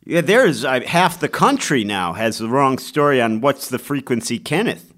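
A man's voice: medium pitch, big pitch swings, moderate pace, fairly bright tone. Playful guy arguing in a podcast chat, voice jumps all over. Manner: playful, argumentative. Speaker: podcast co-host. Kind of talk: casual chat.

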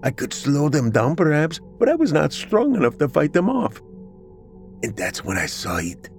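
A man narrating a dramatic story in the first person, with expressive, emotional delivery. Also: fairly high pitch, normal speed, creaky, faint music behind.

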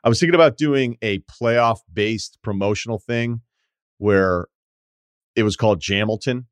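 A man's voice: on the low side, a little slow, dry recording. A man hosting a casual podcast, reading a listener email aloud and riffing on it with wry, profane asides. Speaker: podcast host.

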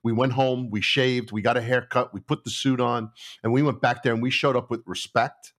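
A man's voice: mid-range voice, fairly even intonation, moderate pace, fairly bright tone. A man, a retired police officer talking earnestly and with firm opinions. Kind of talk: reflective conversation.

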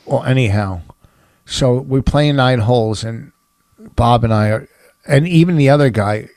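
A man's voice: medium pitch, unhurried, darkish tone, dry recording. A middle-aged man chatting casually as a podcast co-host, rambling through a story with many restarts and fillers. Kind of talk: casual chat.

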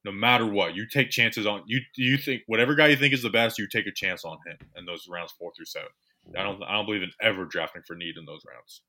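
A man co-hosting a casual sports podcast, animated and repeating himself as he talks. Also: on the low side, quick pace. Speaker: podcast co-host.

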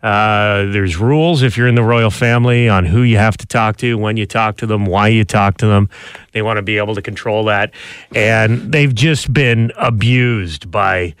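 A man's voice: on the low side, moderate pace, a bit bright, smooth, no room sound, clean studio sound. A man co-hosting a casual radio chat about celebrity news, telling stories in a chatty, building way. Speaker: radio co-host.

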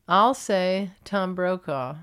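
A woman's voice: on the low side, takes it slowly, fairly bright tone, clear, resonant tone. A woman co-hosting a podcast in casual chat, with dry, joking banter. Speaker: podcast co-host.

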